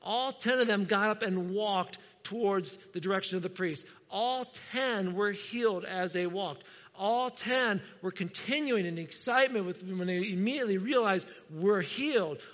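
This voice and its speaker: A man from Indiana delivers a sermon in a bright, high voice, talking to the congregation and drawing responses from them. The sound is dull and lo-fi, and the voice trails off into a long reverb through a church hall. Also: normal speed, few pauses. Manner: conversational, calls for audience responses. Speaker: pastor.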